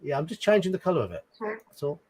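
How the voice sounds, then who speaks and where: Lively, husky man reading a gamebook. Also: high-pitched, quick pace, no echo. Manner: reads aloud with asides and chuckles. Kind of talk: live gamebook playthrough narration.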